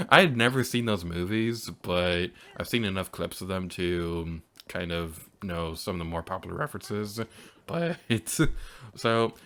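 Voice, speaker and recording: A man's voice: lowish voice, a bit bright. A man hosting a let's play, chatting casually over his gameplay and laughing often.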